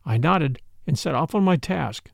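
A man's voice: on the high side, animated, normal speed, gravelly, dry recording. A man giving a dramatic, dry-humored first-person reading of a classic mystery novel. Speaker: audiobook reader.

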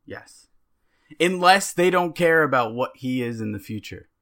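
A man in his thirties talks sports on a podcast with a gravelly, fried texture. His tone is bright and forward, and he argues in a playful way. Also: medium pitch, animated, moderate pace. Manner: argumentative and playful. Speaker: podcast co-host. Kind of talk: casual sports talk banter.

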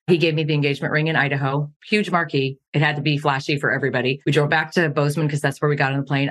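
A middle-aged woman from Montana speaks with a low voice, recounting her past in a candid, earnest way. She laughs at the absurdity of painful memories while telling them as a podcast guest. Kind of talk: candid personal storytelling.

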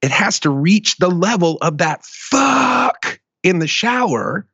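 A man hosting a casual talk show, telling a profane, animated story in a rant. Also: high voice, slow pace, vocal fry, slightly rough, dry recording, dull audio. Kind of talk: casual chat.

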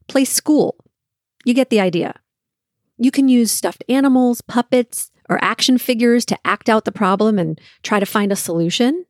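A woman's voice: fairly high pitch, no echo, studio quality. Mother in her forties hosting a podcast. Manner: storytelling, lively when acting out quotes. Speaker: podcast host and parent. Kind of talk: solo podcast talk.

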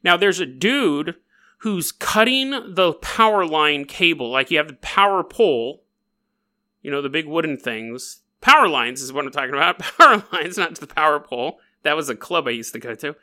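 A man hosting a paranormal news podcast, telling stories in an animated, jokey way and acting them out. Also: a little high, moderate pace. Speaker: podcast host. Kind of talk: comedic paranormal news monologue.

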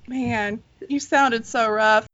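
A woman's voice: a little high, drawn-out words, crowd noise. A woman co-hosting a podcast, bubbly and laughing as she chats. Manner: bubbly, laughing, lively storytelling. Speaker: podcast co-host. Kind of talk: casual podcast chat. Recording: dull lo-fi podcast mic, dry.

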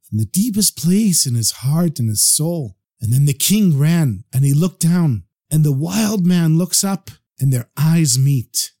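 A man telling a parable as a storyteller, in an animated, expressive way. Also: a little high.

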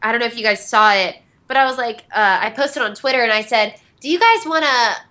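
A woman's voice: a little high, fairly even intonation, brisk, sharp tone. A young woman, a voice actress on a panel, telling rambling stories with lots of fillers and giggles. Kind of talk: casual convention panel talk.

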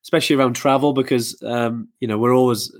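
A man's voice: mid-range voice, fairly even intonation, quick pace. A man co-hosting a live podcast, chatting casually with lots of fillers and restarts. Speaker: podcast co-host. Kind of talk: casual live-stream chat.

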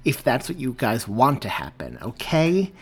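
A man's voice: medium pitch, huge pitch swings, moderate pace, slightly rough. A man voicing an exasperated, outspoken young woman in an audiobook reading. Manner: insistent, exasperated.

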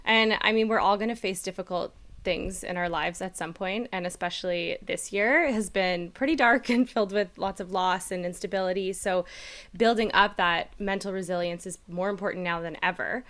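A woman's voice: mid-range voice, normal speed, fairly bright tone. A woman interviewer who builds up her question before asking it.

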